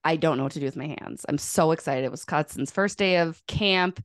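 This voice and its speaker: A woman in her thirties hosting a casual sports podcast, chatty and quick to laugh. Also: low-pitched, no room sound, studio quality. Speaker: podcast host and sports writer.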